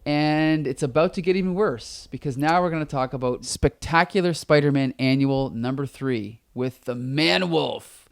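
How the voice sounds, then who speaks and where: Podcast co-host, male, slightly higher voice, exasperated and chatty. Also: normal speed, vocal fry. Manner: animated, exasperated critic. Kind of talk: casual comic review chat.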